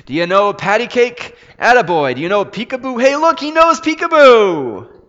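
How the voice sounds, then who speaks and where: Guy doing a ragged old drunk yelling at a baby all excited, way high and loud, dull echoey recording. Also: moderate pace. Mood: shouting gleefully. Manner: shouting gleefully at a baby.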